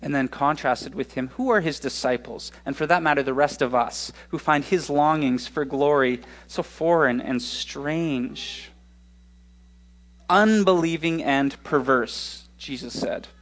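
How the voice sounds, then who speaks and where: A male pastor preaching a sermon in an expressive way, slowing down and speeding up for emphasis. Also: medium pitch. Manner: expressive, shifting pace for emphasis.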